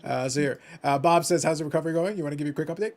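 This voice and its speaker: A Canadian man co-hosting a casual live stream, reading chat messages aloud with teasing sarcasm, sometimes muttering and sometimes shouting. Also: fairly high pitch, rapid-fire. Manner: sarcastic, teasing, dramatic swings between mutters and loud outbursts.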